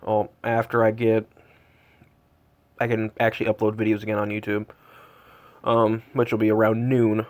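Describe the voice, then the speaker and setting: The speaker, a man in his twenties, is a vlogger tracking Santa who shivers from the cold and rambles in amazement with lots of fillers in casual, excited vlog talk. His lowish voice is completely flat, moving at normal speed with frequent pauses.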